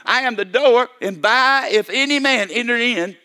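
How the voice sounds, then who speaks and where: A man's voice: extremely high pitch, normal speed, pushed and bright, clear, resonant tone. An older man preaching a sermon, repeating and restarting his phrases and calling for amens. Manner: repetitive, stammering restarts, calls for amen.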